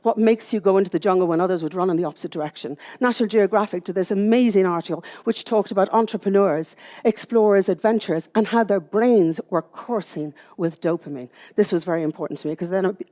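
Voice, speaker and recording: Middle-aged Irish woman, public speaker, quick and mellow, candid storyteller with self-mocking wit. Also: mid-range voice. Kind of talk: personal storytelling talk to a live audience. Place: room with an audience.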